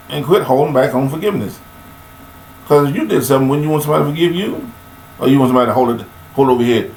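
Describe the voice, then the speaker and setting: Man, gravelly voice, rambling preachy delivery into a webcam, echoey room. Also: animated, fast talker, a little mellow, slight background noise. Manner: preachy, rambling, with sudden high-pitched emphatic outbursts. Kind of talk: rambling spoken monologue on faith and forgiveness.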